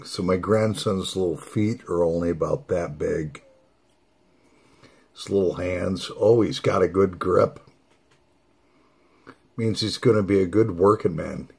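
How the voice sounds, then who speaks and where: Gravelly, raspy older man musing slowly. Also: low-pitched, a little mellow. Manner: unhurried, musing, pauses to draw on his pipe. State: hiccups from nicotine. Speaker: pipe smoking vlogger. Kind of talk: slow casual monologue while smoking.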